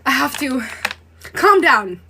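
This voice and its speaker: A young woman reacting to an interactive story, excitable and dramatic, with lots of giggles and sassy asides. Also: high voice, takes it slowly, a little hiss or hum. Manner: excitable, giggly, dramatic, calls the viewer babes. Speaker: content creator.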